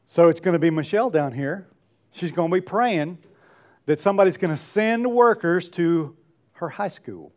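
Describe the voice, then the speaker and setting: A man with a rather high voice preaches to his congregation. He is earnest and pleading, and he often lets his voice sink to soft, quiet phrases. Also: lively intonation, normal speed. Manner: earnest, pleading, drops to soft near-murmurs. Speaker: pastor. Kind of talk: sermon.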